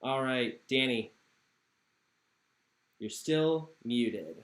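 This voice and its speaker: A man's voice: medium pitch, drawn-out words, fairly bright tone, echoey room. A man narrating a tabletop game as game master in an easygoing way, on an online call. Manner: easygoing, many fillers.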